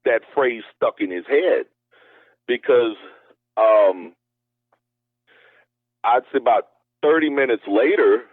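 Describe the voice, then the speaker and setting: A man's voice: mid-range voice, takes it slowly, pauses often, dry recording. A man telling a story as an interview guest in a loose, rambling way, heard over a tinny phone line. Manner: rambling, many fillers and restarts. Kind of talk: casual storytelling.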